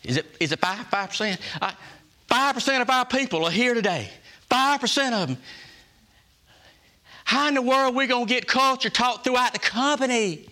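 A man's voice: extremely high pitch, expressive, moderate pace, bright, forceful tone. A man giving a folksy, emphatic motivational talk to his staff, repeating key phrases and asking the room questions. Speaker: workplace leader giving a culture talk.

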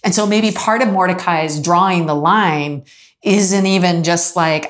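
A woman delivers a sermon in a loose, conversational storytelling style. Her voice sits a little low, and she jumps up in pitch to act out the people in her anecdotes. She laughs lightly as she goes. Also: moderate pace. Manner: animated storytelling, acts out quoted voices, laughs often. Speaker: preacher.

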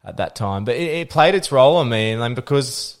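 A man's voice: medium pitch, animated, a little fast, background noise. A young adult man, chatting candidly and swearing casually as a podcast co-host. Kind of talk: casual chat.

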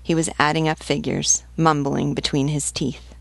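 A woman narrating an audiobook in a steady, unhurried way. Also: deep voice, vocal fry, dry recording.

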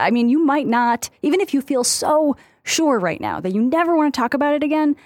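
A woman's voice: fairly high pitch, no room sound. A woman co-hosting a casual advice podcast, thoughtful and complimentary. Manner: warm-hearted, thoughtful, complimentary. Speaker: podcast co-host.

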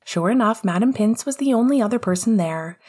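A woman narrating a fan fiction audiobook in a soft, even storytelling manner. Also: fairly high pitch, fairly quick, husky.

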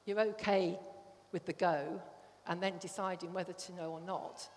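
A woman's voice: lowish voice, fairly even intonation, moderate pace, a little hiss or hum. Middle-aged woman, sermon delivery, earnest and personal, recorded in a reverberant church hall. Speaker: church speaker.

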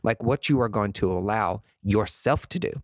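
A man in his late thirties hosting a podcast, talking in an expressive, emotional and chatty way, full of fillers and asides. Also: on the low side, moderate pace, no echo, clean studio sound. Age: late 30s. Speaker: podcast host. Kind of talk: reflective solo podcast monologue.

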